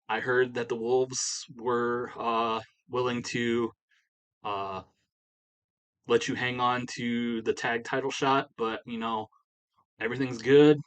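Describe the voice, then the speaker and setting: A man's voice: mid-range voice, fairly bright tone, lightly acted, poor audio. A man voicing an earnest, apologetic wrestler. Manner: earnest, pleading, filler-heavy.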